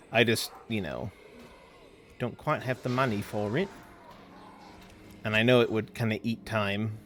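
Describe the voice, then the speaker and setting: Between calling out plays, this game streamer answers chat in a relaxed, meandering way. He has a lowish, slightly bright voice, and there's a little background noise.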